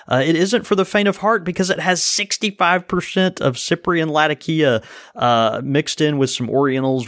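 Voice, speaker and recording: A man's voice: mid-range voice, no echo, studio quality. A man co-hosting a podcast, reading a sponsor plug and listener mail in an easygoing way with many fillers. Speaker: podcast co-host. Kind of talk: casual podcast chat with ad read.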